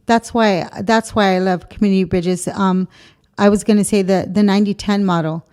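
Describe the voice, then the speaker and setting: A woman's voice: medium pitch, fairly even intonation, moderate pace, a little mellow, clear, resonant tone. A woman being interviewed as a guest, talking about her work and giving short affirming replies. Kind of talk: interview conversation.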